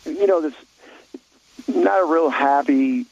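A man's voice: a little high, slow, vocal fry, darkish tone, dull audio. A man talking in a blunt, opinionated way on a talk radio show, rambling with many restarts.

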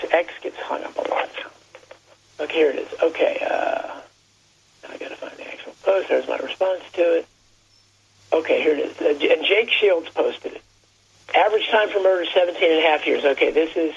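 A man calling in by phone, talking in a halting, rambling way and reading aloud as he searches. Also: a little high, animated, gravelly, slightly rough. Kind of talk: casual phone conversation. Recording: muffled phone line with faint noise.

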